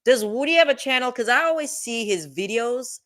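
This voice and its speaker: A woman's voice: a little high, animated, fairly quick. A woman lawyer hosting a show, giving chatty, incredulous reaction commentary and thinking aloud. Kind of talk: casual legal reaction commentary.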